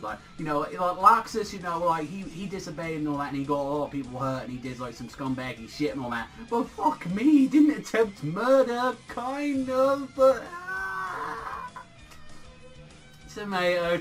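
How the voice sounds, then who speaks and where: A man reviewing a manga chapter in a casual video review, excitable and profane, rambling with lots of fillers. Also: medium pitch.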